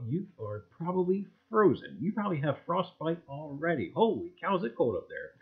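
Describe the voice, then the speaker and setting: A man hosting a casual livestream, greeting viewers one by one with exuberant shouts and leaning on catchphrases like "gang" and "I tell you.". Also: big pitch swings, fairly quick, few pauses, slightly rough, lo-fi sound. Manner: exuberant, greets chatters one by one with sudden loud jumps in pitch. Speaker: livestream host.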